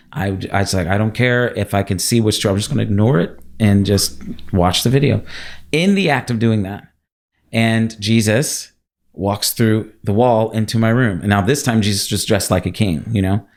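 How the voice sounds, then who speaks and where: A man with a low, gravelly voice recounts a personal testimony. He tells it with emotion, breaking into laughter and acting out what he said. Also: darkish tone. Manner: emotional storytelling with laughs and acted quotes. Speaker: guest.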